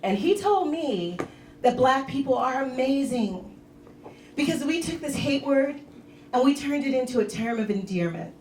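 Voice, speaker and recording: A woman's voice: sits high, normal speed, slight background noise. Woman doing stand-up in an echoey club. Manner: deadpan dark jokes, talks to the crowd. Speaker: stand-up comedian. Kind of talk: stand-up comedy set. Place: comedy club stage with audience. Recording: echoey club, mic heard from a distance.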